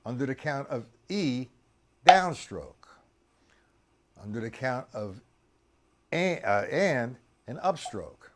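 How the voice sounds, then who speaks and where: A man's voice: medium pitch, animated, slow, long pauses, very noisy. A man teaching a drum lesson on a live stream, quizzing and teasing his students by name.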